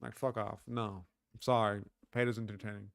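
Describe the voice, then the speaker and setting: A man's voice: on the low side, flat delivery, moderate pace, creaky, smooth, dry recording, studio quality. A man hosting a livestream, reading chat and talking back to it in a rambling, profane, slangy way. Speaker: livestream host.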